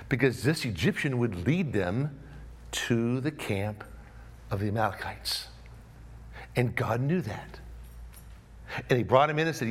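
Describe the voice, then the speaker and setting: A man preaching a sermon, acting out the story's voices, with frequent restarts and repeated words. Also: mid-range voice. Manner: animated, acts out voices of the story. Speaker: pastor.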